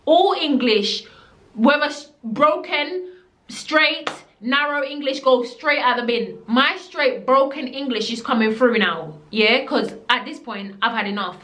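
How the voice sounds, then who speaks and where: Animated Jamaican-accented woman telling a story. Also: high voice, a little slow. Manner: animated, slips into patois. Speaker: vlogger. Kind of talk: casual storytime. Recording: echoey room.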